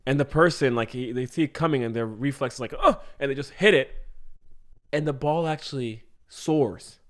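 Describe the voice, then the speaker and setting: Casual laughing man pitching jokes. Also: moderate pace, a bit bright. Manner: casual, laughs often, acts out lines in goofy voices. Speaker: comedy podcast co-host. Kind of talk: improvised comedy brainstorming.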